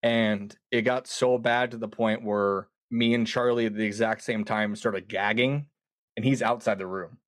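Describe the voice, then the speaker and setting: A man casually telling a long story, animated and quoting himself often with words like "dude". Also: fairly low pitch, normal speed, no echo, studio quality. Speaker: podcast guest.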